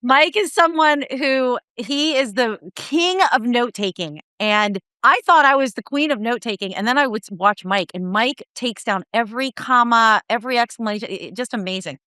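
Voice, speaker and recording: Lady hosting a podcast, bright smooth voice, talks fast and playful, dry close mic. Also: on the high side, no echo. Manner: quick, chatty, playful. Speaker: podcast host. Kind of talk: conversational interview.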